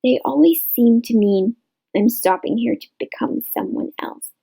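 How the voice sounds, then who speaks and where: A woman reading a novel aloud in measured literary narration, in a rough home recording. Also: on the high side, fairly even intonation, dark tone, low-quality recording. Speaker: audiobook reader.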